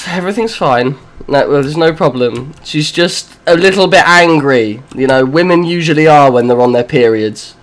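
At a moderate pace and in a higher-leaning voice, a young man chats casually while playing a horror game with a friend on his gaming channel. His let's-play commentary is full of swearing as he talks to himself and his teammate.

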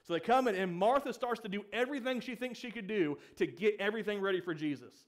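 A young male pastor with a high voice preaches a sermon. He asks the congregation questions and raises his voice when he acts out the quoted pleas. His delivery rises and falls with emphasis. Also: lively intonation, quick pace.

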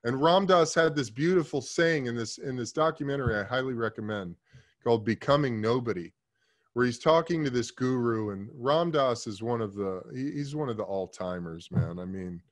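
A man in his thirties talks casually as a podcast guest, and his story comes out animated and full of swearing. His voice sits at an ordinary pitch. He drops to quiet asides, then pushes loud on the points he wants to land. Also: normal speed. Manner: animated, profane, swings between hushed asides and loud emphasis.

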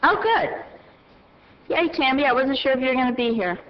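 Southern woman, folksy presenter, fairly high voice, muffled room recording with crowd. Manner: folksy, laughing, reading names haltingly. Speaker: council member presenting awards. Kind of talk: chatty public award presentation.

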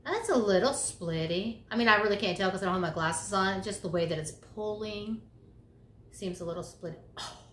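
A woman's voice: medium pitch, normal speed. Chatty, gasping grandmother vlogger, recorded in a reverberant room with faint background hiss. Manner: chatty and excitable, gasping and exclaiming, dropping to whispers. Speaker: crochet vlogger. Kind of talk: casual chat. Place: bedroom, indoors.

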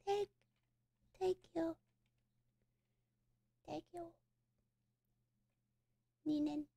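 Young woman streamer, very high voice, unhurried, emotional and gushing. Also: creaky. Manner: excitable, gushing, emotional exclamations. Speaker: VTuber streamer. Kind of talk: live game stream chat.

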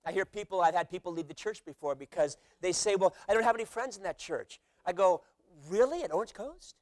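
A man preaching a sermon as pastor, animated, acting out quotes with sudden loud shouts. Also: sits high, fast talker, no room sound, studio quality.

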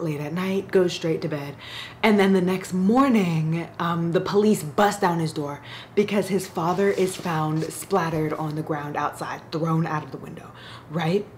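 Woman, book vlogger, casual reading-vlog chat, giggly, excitable, slightly low voice. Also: slight background noise. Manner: animated and giggly, gushing with big excited jumps.

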